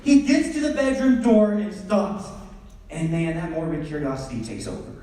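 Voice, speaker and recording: Lively young man telling stand-up stories. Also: high voice, moderate pace. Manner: animated, acts out scenes. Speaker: stand-up comedian. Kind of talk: storytelling stand-up. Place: theatre stage. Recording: echoey theatre from far off.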